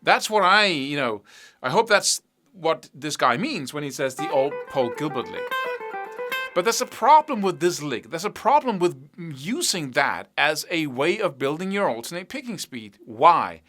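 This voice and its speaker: A man giving a guitar lesson in a bright, rather high voice that swings widely in pitch. He explains with animated rhetorical questions and boxing analogies, with a faint guitar in the background. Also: normal speed. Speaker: guitar teacher. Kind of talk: instructional talk to camera.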